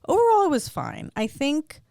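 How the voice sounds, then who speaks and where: A woman's voice: high-pitched, huge pitch swings, moderate pace, creaky, dark tone, no echo, clean studio sound. A young woman hosting a podcast, telling a personal story in a candid, chatty way. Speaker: podcast host. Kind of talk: casual chat.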